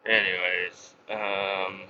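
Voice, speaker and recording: This man's voice is low, and he draws out his words as he recounts life on the road. It's a casual, profane, animated vlog shot from his truck cab, with slight background noise and dull lo-fi sound.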